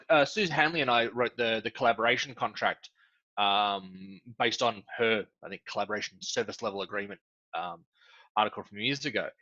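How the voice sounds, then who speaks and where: A man talks as a guest in a casual interview, his voice bright and forceful, often leaping upward for emphasis and sprinkling in ums. The sound is dry and close but dull and lo-fi, like a video call. He speaks at a middle pitch for a man. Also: no room sound. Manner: animated, jumps up in pitch for emphasis, frequent ums. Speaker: guest consultant.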